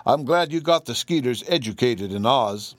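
A man's voice: mid-range voice, animated, normal speed, dry recording, studio quality, close to an everyday voice. A man reading an audiobook, voicing a plainspoken older farm woman with a homely, blunt manner.

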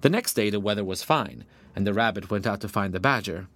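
Low-voiced man reading a fairy tale. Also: no echo. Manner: steady, measured reading. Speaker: narrator. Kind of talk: storybook narration.

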